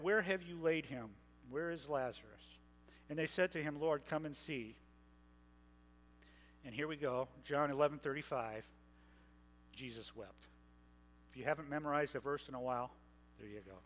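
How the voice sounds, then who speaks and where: A man's voice: on the high side, a bit bright, big-room sound, low-quality recording. A man preaching a sermon, retelling scripture in a conversational way and slipping into playful modern paraphrases.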